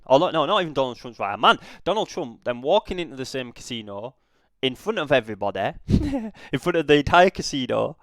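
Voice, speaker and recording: A man's voice: medium pitch, smooth, no echo, clean studio sound. A man hosting a reaction video, commenting casually with frequent swearing and restarts. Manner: animated, swearing, many restarts.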